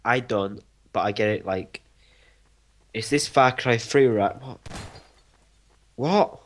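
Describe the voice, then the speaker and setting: A man's voice: mid-range voice, slow pace. A young man, chatting dryly and teasingly over a game he is playing with a friend. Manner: dry, teasing and deadpan. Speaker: gamer co-host. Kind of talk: casual gaming commentary.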